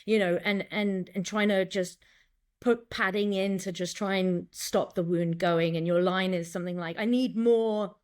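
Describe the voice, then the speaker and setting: Animated woman director talking shop. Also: mid-range voice, moderate pace, smooth. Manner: animated, acts out lines and quotes, many restarts. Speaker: director and acting coach. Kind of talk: casual interview talk.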